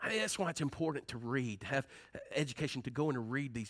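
A man preaching a sermon, moving between hushed storytelling and fervent, loud delivery. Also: medium pitch, animated, fast talker, hardly any pauses. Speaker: pastor.

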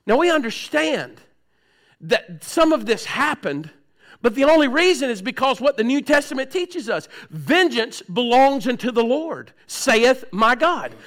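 A male pastor preaching a sermon in a plain, conversational way, swinging between soft and loud passages. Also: extremely high pitch, big pitch swings, a little slow.

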